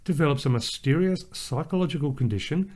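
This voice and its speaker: A man's voice: fairly high pitch, animated, a little fast, darkish tone. An Australian man co-hosting a podcast, chatting casually and rambling with fillers and restarts. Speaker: podcast co-host. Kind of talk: casual chat.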